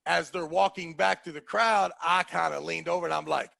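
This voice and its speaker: A man's voice: fairly high pitch, normal speed, vocal fry, no room sound. A man hosting a podcast, telling a story in casual chat and acting out the voices of the people in it. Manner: animated, acts out quoted voices.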